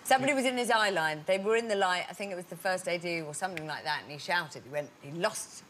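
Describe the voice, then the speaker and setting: A woman's voice: lowish voice, quick pace, a bit bright, slight background noise. A woman on a comedy panel explaining her answer in a chatty way.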